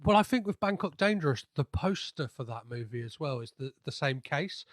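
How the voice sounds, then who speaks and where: Rambling podcast host, higher man's voice. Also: expressive, a little fast. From half Greek. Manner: rambling, many fillers and restarts. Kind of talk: casual interview chat.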